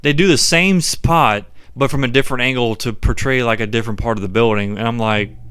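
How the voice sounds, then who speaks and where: A man's voice: medium pitch, fairly quick, fairly bright tone, clear, resonant tone, dry recording. A man co-hosting a podcast, chatting casually about a cult film and rambling as he acts out lines from it. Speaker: podcast co-host. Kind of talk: casual movie review chat.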